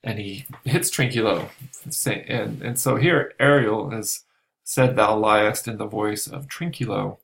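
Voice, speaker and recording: A male teacher calmly explaining a play scene, unhurried and thinking aloud as he goes. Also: on the low side, vocal fry. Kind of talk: lesson walking through a play.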